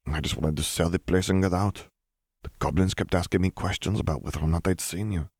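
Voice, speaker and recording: Man reading young pregnant French witch, teasing, sharp-tongued, murmured scolding, low voice, dry audiobook sound. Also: steady tone, a little fast, husky, no echo. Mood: teasing, cross.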